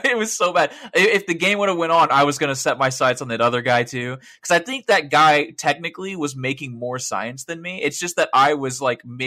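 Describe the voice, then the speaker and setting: A man co-hosting a casual gaming podcast, excitable, laughing and swearing casually as he talks. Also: medium pitch. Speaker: podcast co-host.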